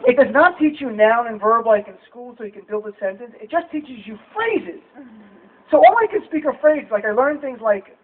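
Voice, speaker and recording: Male stand-up from the States, very high voice, tinny phone-like live recording. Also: animated, a little fast. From United States. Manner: conversational, chatting with the crowd. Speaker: stand-up comedian. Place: live comedy show venue. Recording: tinny low-fi live recording, crowd noise. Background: audience laughter and murmur.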